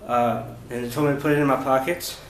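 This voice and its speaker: A man with a medium-pitched voice, a travel vlogger, rambles comfortably through a first-person account of a trip. He keeps pausing on fillers and restarting sentences, and his reverberant room leaves an echo and a soft ambient hum.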